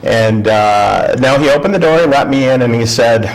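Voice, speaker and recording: A middle-aged man appears as a guest on a talk show, casually telling a personal story in a mid-range voice with lively intonation at normal speed. He acts out the voices he quotes and often restarts his sentences; the audio is poor.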